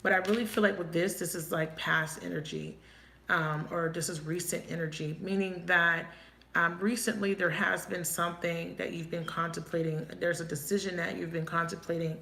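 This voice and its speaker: A woman giving a live tarot reading, thinking aloud and asking quick, emotive questions. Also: lowish voice, level tone, vocal fry, sharp tone. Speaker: tarot reader. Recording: echoey room, faint noise.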